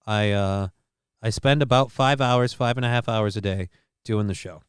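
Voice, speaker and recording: A man's voice: lowish voice, normal speed, smooth, dry recording, clean studio sound. A man hosting his own live-stream show, reading news items aloud and riffing on them in a profane, rambling way. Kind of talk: casual live-stream commentary.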